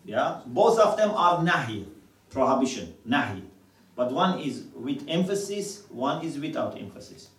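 A man's voice: fairly high pitch, big pitch swings, normal speed, a bit bright, echoey room, far from the mic, rough recording. A man teaching a religious class, quoting scripture in Arabic and asking his students questions. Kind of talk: classroom lecture.

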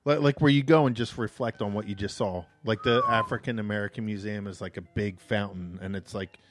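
A man's voice: lowish voice, brisk. A man co-hosting a podcast, chatting casually and teasing his co-host, with many "like" fillers. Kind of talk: casual chat.

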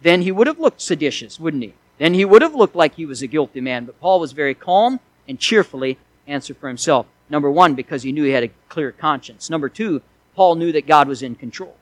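A man preaching an expository sermon, swinging between forceful emphasis and hushed asides. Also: fairly high pitch, animated, fairly quick, no room sound, low-quality recording. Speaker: pastor.

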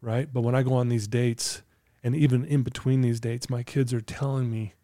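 A middle-aged man speaks in an earnest, coaching way, telling stories as a guest on a podcast. His voice is warm and mellow at a middle pitch. The sound is dry and close. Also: fairly even intonation, moderate pace, no room sound. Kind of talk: casual podcast chat.

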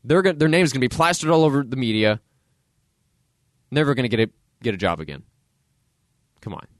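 Podcast host, man, blunt and lively, swinging his pitch widely, dry close sound. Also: fairly quick, dry recording. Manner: blunt, acts out voices in dialogue. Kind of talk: casual opinion commentary.

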